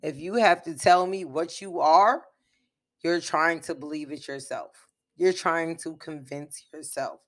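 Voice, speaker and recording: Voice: mid-range voice, measured pace, fairly bright tone. A commentator delivering an impassioned opinion monologue, emphatic and full of repeated rhetorical questions.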